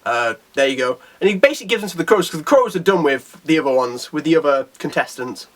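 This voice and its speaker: A man talks through a comic chapter in a casual, rambling way, full of restarts and fillers. His voice sits on the high side for a man. He speaks with eager, loose enthusiasm. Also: very animated, quick pace. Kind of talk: casual video review.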